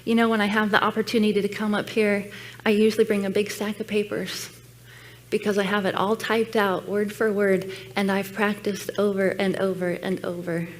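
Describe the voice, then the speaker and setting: A woman's voice: mid-range voice, flat delivery, moderate pace, slight background noise. A woman giving a personal sermon message at a church, telling her story in an earnest, reflective way. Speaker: guest speaker at church. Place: church sanctuary.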